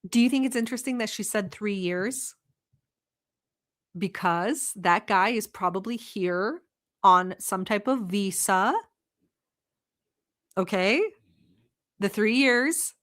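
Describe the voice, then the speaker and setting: A woman from the Middle East hosting a reaction channel, commenting on clips in a blunt, animated and sarcastic way, with frequent swearing. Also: medium pitch, takes it slowly, pauses often.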